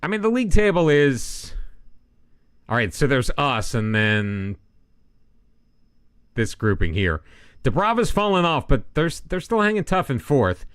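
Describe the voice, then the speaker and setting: A man's voice: on the high side, big pitch swings, a little slow, long pauses, fairly bright tone, clean tone, dry recording, studio quality. A man hosting a gaming channel, giving rambling, self-deprecating commentary as he plays and talks to himself. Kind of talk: casual gameplay commentary.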